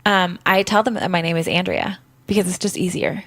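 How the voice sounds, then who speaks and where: A woman's voice: fairly low pitch, big pitch swings, brisk, a bit bright, no echo. A woman co-hosting a casual true-crime podcast, wry and teasing with jokey asides. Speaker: podcast co-host.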